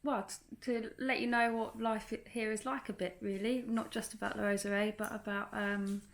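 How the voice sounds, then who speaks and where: A woman's voice: mid-range voice, fairly even intonation, normal speed, vocal fry. Chatty woman co-hosting a home vlog. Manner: chatty, laughs often, many fillers and restarts. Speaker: vlog co-host. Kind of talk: casual chat. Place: home in rural France.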